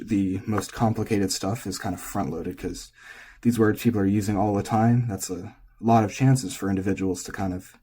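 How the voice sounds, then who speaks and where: Relaxed guy explaining a lesson, kinda low, breathy dark voice, lots of ums. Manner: relaxed, thinking aloud with fillers. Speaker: language teacher.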